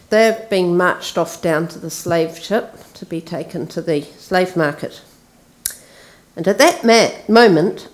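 Woman preacher, sermon, slow and relaxed, lowish voice, conversational. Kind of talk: sermon with story reading.

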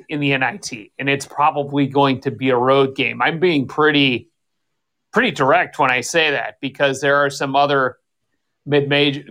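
A man's voice: mid-range voice, pushed and bright. A man co-hosting a sports podcast, talking in a rambling, casual way with many restarts and self-corrections. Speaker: podcast co-host.

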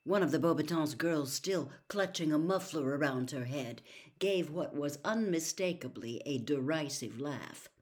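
A woman narrating a children's novel aloud in a slow, expressive read-aloud style. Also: low-pitched. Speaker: storyteller. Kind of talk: audiobook narration.

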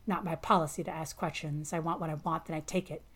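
A woman voicing a brash, bossy female space salvager who curses, talks loud and shouts in anger, with a husky voice. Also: low voice, fairly even intonation, fast talker. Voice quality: loud and abrasive.

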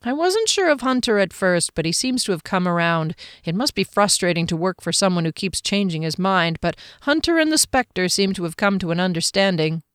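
A woman's voice: fairly low pitch, expressive, a little fast, few pauses, fairly bright tone, clean tone, no echo, studio quality. A woman voicing a blunt, casual-talking male soldier with slangy, wry speech.

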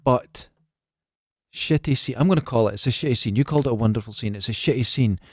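A man co-hosting a casual film review podcast, telling animated stories and jumping into high voices for quotes. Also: very fast, no room sound, clean studio sound. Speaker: podcast co-host.

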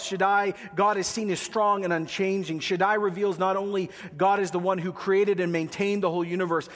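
A man's voice: sits high, fairly bright tone, big-room sound. A man preaching a sermon, conversational, with joking asides to the congregation. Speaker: pastor.

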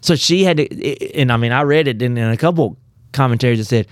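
A man co-hosting a casual Bible study talk, telling the story with animated, playful asides. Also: medium pitch, quick pace, smooth, no echo, studio quality. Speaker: co-host of a Bible study podcast.

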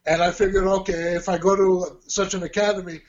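A man in his sixties, appearing as an interview guest, tells long, rambling stories in a casual way, chuckling often and correcting himself. His voice sits high with little pitch movement and a fairly quick pace, and the recording has its highs cut off.

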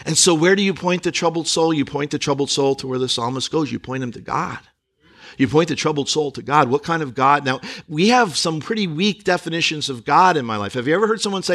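A male pastor preaching a sermon, slowing down and pausing dramatically as he reads scripture aloud. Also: fairly high pitch, expressive, fairly bright tone.

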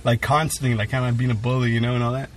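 A man's voice: mid-range voice, little pitch movement, racing, a little hiss or hum. A young man and comedian co-hosting a podcast, telling a story in a rambling, profane way full of fillers. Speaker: guest co-host and comedian. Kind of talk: casual podcast chat.

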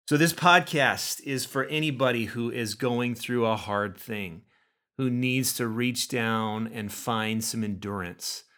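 A man's voice: lowish voice, a bit bright. A middle-aged man, hosting his own devotional podcast in an earnest, encouraging way with loose fillers. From United States. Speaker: podcast host. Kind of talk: casual spoken devotional podcast.

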